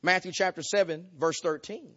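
A man's voice: high-pitched, normal speed, fairly bright tone, muffled recording. A man preaching a sermon with an emphatic, repetitive cadence that builds in intensity.

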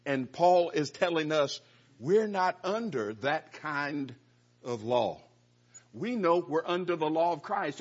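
Earnest man preaching with husky tone. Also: fairly high pitch. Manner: earnest, emphatic, with frequent repeated words. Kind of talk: Bible-study sermon. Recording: muffled lo-fi recording.

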